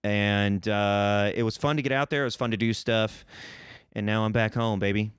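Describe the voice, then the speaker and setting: Rambling through his solo podcast, a Missouri man in the United States jokes with a profane, self-mocking edge. His fairly low voice is clear and resonant, steady in tone at a normal speed. The sound is clean studio audio with no room sound.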